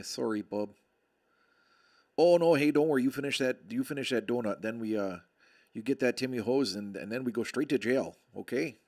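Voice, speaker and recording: A man's voice: mid-range voice, creaky, a little mellow, natural voice. A man putting on an overly polite Canadian police officer with a folksy, apologetic manner and a Canadian accent.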